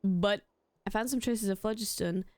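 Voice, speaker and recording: A woman streamer giving casual commentary while playing a game, excitable and quick to laugh and exclaim. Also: medium pitch, over music.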